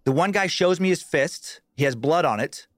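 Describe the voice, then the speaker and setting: A man's voice: a little high, moderate pace, dry recording, clean studio sound. Man telling a wild heckler story. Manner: animated, swears freely, lots of restarts. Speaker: comedian podcast guest. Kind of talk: casual storytelling chat.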